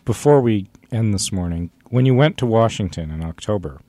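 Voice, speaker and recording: A man hosting a radio talk show, asking questions and reading a brisk sign-off. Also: fairly low pitch, lively intonation, dark tone, no room sound. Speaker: radio host and producer.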